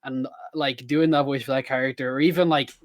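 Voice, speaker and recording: A man's voice: medium pitch, steady tone. An Irish man chatting casually on a podcast, hesitant and full of fillers. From Ireland. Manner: halting, many fillers. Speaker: podcast cast member.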